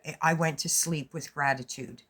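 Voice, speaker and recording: A woman vlogger telling a story to her viewers in a casual, animated way, swearing as she goes. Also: moderate pace. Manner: animated, swearing, rises high when retelling her own lines.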